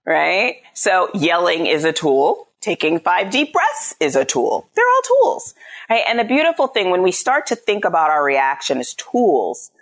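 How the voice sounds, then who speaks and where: Lively low-voiced woman psychologist. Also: measured pace. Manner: animated, often checks in with "right?". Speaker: psychologist and parenting coach, guest. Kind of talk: conversational interview explanation.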